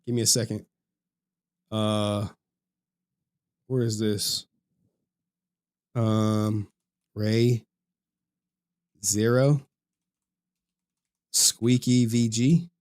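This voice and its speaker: A man's voice: on the low side, flat delivery, very slow, pauses often, darkish tone. A man hosting a livestream, chatting casually and rambling to his viewers. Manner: laid-back, rambling, talks to chat. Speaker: livestream host.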